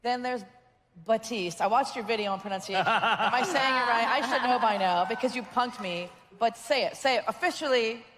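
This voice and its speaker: A woman's voice: on the high side, brisk, few pauses, a bit bright. A woman directing voices, hosting a casual panel chat with lots of laughing and teasing. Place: convention hall stage. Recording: long reverb from a convention hall stage.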